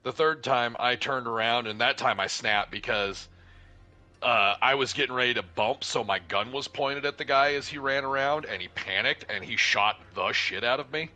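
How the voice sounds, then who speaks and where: A man telling a profane, animated paintball story in casual chat, acting out what people said. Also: mid-range voice, moderate pace. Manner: profane, animated, acts out dialogue.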